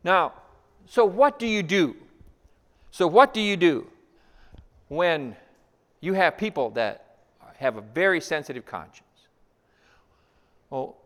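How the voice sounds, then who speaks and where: A man with a mid-range voice preaches as pastor, returning to his key lines and asking rhetorical questions. He alternates between loud emphasis and quiet asides. The recording carries a large hall's long reverb.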